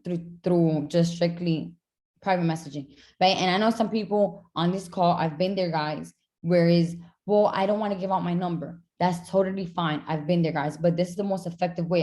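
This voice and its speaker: A woman coaching her team on a casual group call. Her voice is mellow and a little low, and she tags "right?" onto nearly every point. She acts out sample messages in a lifted, friendly tone. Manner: acts out sample chat messages in a brighter, upbeat tone. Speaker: network marketing team trainer.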